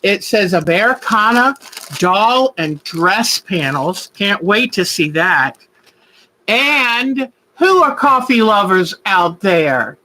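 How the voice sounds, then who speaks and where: A man's voice: sits high, sing-song, slow pace, sharp tone, poor audio. A man hosting a quilting live stream, chatting in an effusive, gushing way with viewers. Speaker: quilting show host. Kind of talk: casual live-stream chat.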